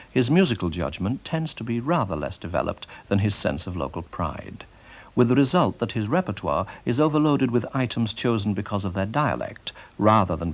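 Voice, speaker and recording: A man presenting a radio programme in measured, critical scripted narration. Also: on the low side.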